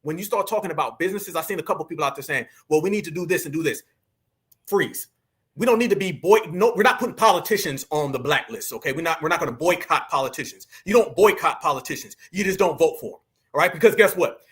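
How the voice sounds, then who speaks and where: A man's voice: fairly high pitch, lively intonation, fast, fairly bright tone, slightly rough. A man hosting a fired-up online commentary, emphatic and preachy, calling his viewers family.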